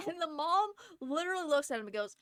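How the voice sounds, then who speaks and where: Giggly woman streamer, somewhat high voice, dry close sound; casual storytelling. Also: expressive, fast talker, a bit bright, no echo. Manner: giggly, laughs often between phrases; chatty, lots of fillers and restarts. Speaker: live streamer.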